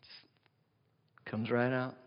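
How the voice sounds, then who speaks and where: A man's voice: mid-range voice, flat delivery, slow, smooth. A male pastor delivering a sermon in a conversational style, often putting questions to the congregation, recorded in a church. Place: church sanctuary. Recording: long hall reverb, dull lo-fi sound.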